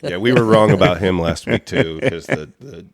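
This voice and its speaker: Deep-voiced man trading wry one-liners. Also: moderate pace, no echo. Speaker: podcast co-host. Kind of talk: casual sports chat.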